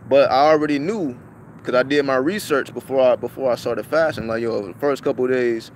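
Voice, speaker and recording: A man's voice: medium pitch, fairly quick, a little hiss or hum. A man vlogging to his viewers, chatting casually with lots of swearing and repeated restarts. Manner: profane, repetitive, restarts often.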